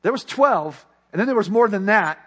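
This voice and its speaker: A male preacher telling a story from the pulpit in an earnest manner. His voice sits high for a man. It climbs with the drama and sinks low and quiet for the lesson. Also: animated, moderate pace. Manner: earnest, rising then hushed. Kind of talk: sermon storytelling.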